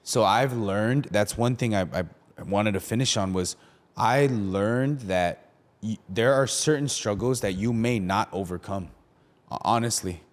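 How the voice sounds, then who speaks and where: A man's voice: lowish voice, unhurried. A young man, a pastor, talking casually on a podcast, full of fillers and acted-out quotes. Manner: conversational, many fillers, acts out quotes.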